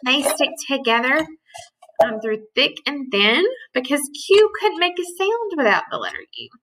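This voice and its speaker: A woman teacher giving a gentle, patient letter lesson to young children and reading a picture book aloud. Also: sits high, sing-song, rough recording. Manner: gentle and patient, with slow drawn-out sounds.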